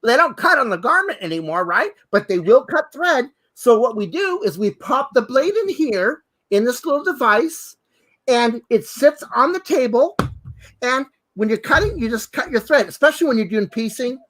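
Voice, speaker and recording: An extremely high, sing-song, sharp voice at normal speed belongs to a costume designer and co-host presenting sewing tools. The chat is enthusiastic and full of exclamations, with "fabulous" and "hello" repeated often.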